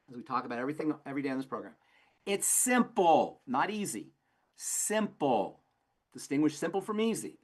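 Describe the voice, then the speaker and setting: Emphatic preachy man on a health show. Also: on the high side. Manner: emphatic, preachy, frequent restarts. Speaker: pharmacist guest on health program. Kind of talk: call-in health talk.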